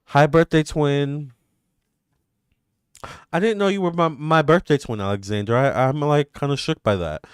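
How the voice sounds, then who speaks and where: A man, hosting live tarot readings and chatting excitedly with viewers. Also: on the high side, clean tone, no room sound, studio quality. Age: 30s. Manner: excitable and gushing, quick swings between squeals and murmurs. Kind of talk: casual livestream chat with viewers.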